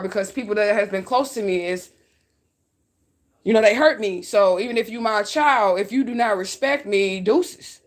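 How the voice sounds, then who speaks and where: Outspoken woman telling a tearful story. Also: on the high side. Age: adult. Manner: raw, outspoken, profane, tearful at times. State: crying. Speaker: spiritual reader talking to her followers. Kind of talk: emotional storytime monologue.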